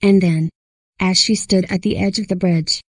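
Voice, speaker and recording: A woman narrating a scripted horror story in a steady storyteller's reading. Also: fairly low pitch, moderate pace, husky, no echo, rough recording.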